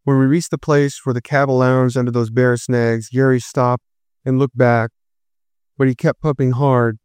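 A man narrating a first-person story in a steady, measured reading voice. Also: mid-range voice, smooth, no echo, clean studio sound.

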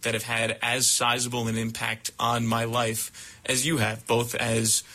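A young man, a baseball broadcaster, interviewing a mentor and speaking an earnest, deliberate tribute. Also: mid-range voice, completely flat delivery, bright, forceful tone.

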